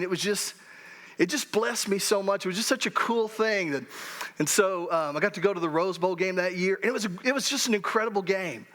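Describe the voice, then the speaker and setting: A man's voice: high voice, a bit bright. An older man preaching a sermon, talking in a conversational, self-deprecating way full of restarts. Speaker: pastor.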